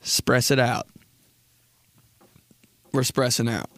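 A man's voice: mid-range voice, level tone, takes it slowly, fairly bright tone, dry recording. A young man hosting a podcast, talking through a rambling comedic monologue from a studio, laughing often and calling his listeners dude and bro. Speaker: podcast host.

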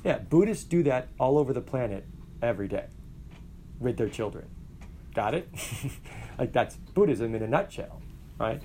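A middle-aged male teacher lecturing his class in an animated way, often putting questions to the students. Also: medium pitch, moderate pace, long pauses, a little hiss or hum.

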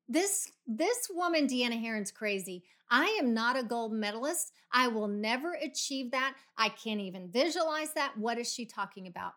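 A middle-aged woman hosting a motivational podcast, guiding listeners through a visualization and leading them in emphatic spoken affirmations. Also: on the high side. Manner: coaching, emphatic, builds to loud affirmations. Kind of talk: guided visualization pep talk.

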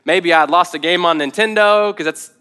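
Bright-voiced young pastor telling a story. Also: male voice, on the high side, fairly quick, smooth. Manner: storytelling, animated and conversational. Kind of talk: sermon. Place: church.

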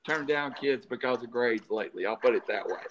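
A man hosting a casual sports talk show, leading with questions and gentle teasing. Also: medium pitch, animated, a little fast, muffled recording, slight background noise. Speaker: host.

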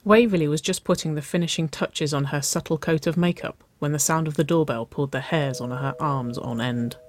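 An audiobook narrator reading a romance story in an even, unhurried way. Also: mid-range voice. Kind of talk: scripted narration.

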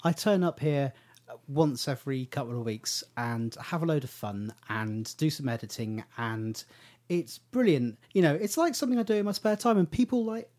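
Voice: mid-range voice, animated, normal speed, darkish tone. A podcast co-host and editor chatting playfully. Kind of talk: casual chat.

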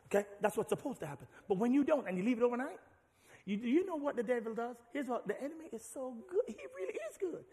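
A man with a high, bright voice preaches, building from easy teaching into fervent, shouted passages. His sermon rings through a large hall with a long reverb tail. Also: fast. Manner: animated preaching, rising to shouts. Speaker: pastor.

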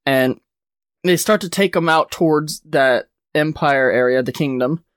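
A man's voice: on the high side, a little slow, fairly bright tone, clean tone, dry recording, clean studio sound. A man hosting a podcast, casually retelling a comic's plot with plenty of "like" and "uh" fillers. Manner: rambling retelling, many "like" and "uh" fillers. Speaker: podcast host. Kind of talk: casual comic book recap.

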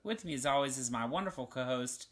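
A man's voice: mid-range voice, expressive, fast talker. A man with a Southern accent hosting a podcast, chatting casually and enthusiastically with lots of fillers. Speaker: podcast host. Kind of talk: casual chat.

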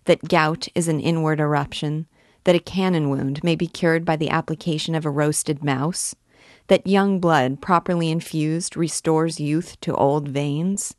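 A woman's voice: low-pitched, fairly even intonation, a little slow, no room sound. A woman reading aloud as an irritable, scornful physician who speaks dryly. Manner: dry, scornful. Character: irritable male royal physician.

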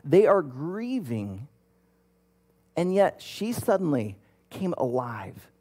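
A man's voice: fairly high pitch, big pitch swings, slow, warm tone, breathy edge. A man in his thirties, a pastor, preaching a conversational sermon and telling a story with plenty of fillers and restarts.

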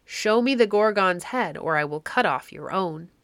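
A woman voicing a haughty island king, stern and commanding, in a dry, close storybook reading. He barks his orders at a steady middling pitch with no room around the voice. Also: moderate pace, no room sound, natural voice. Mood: menacing. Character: haughty, cruel island king, grown man.

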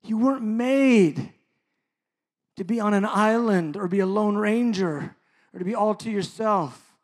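A man in his fifties preaching a sermon as a pastor, moving from loud, drawn-out emphasis to hushed, near-whispered lines. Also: high-pitched. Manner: slow, drawn-out stresses on key words.

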